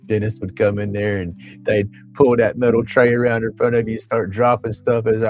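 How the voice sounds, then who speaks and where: A man's voice: lowish voice, flat delivery, a little fast, few pauses, a little mellow. A middle-aged man, chatting casually on a livestream, rambling and laughing often. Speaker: livestream host. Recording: faint music behind.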